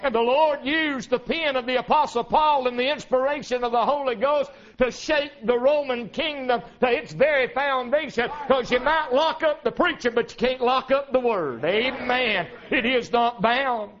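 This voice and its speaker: A man's voice: extremely high pitch, normal speed, few pauses, a bit bright, highs cut off. A man preaching a fervent revival sermon, rhythmic and punctuated with calls of amen, as a traveling preacher.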